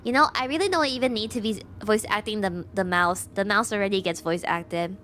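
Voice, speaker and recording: A woman's voice: mid-range voice, fairly quick, fairly bright tone, slight background noise. A woman streaming a game, chatting casually and rambling with fillers and little laughs. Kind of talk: casual live-stream chat.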